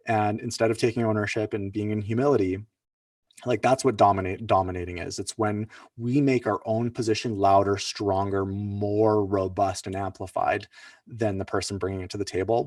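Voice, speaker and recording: A man's voice: fairly low pitch, darkish tone, no echo, studio quality, distant mic. A man presenting at an online workshop, talking loosely with many fillers and restarts. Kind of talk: casual online teaching talk.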